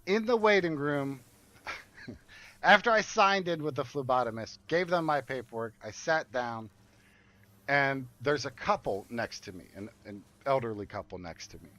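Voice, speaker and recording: A man's voice: medium pitch, normal speed, no room sound. Man telling an angry story. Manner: animated, profane, acts out quoted dialogue. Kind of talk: casual storytelling while gaming.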